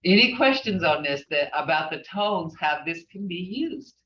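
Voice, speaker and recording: A woman's voice: on the low side, expressive, normal speed, distant mic, dull audio. A woman teaching a language class online, rambling with many fillers and repeating phrases.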